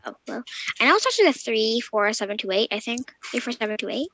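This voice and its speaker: A woman chatting casually while playing a game, excitable, squealing and giggly. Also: on the high side, quick pace, no room sound. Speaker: gamer. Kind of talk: casual gameplay chat.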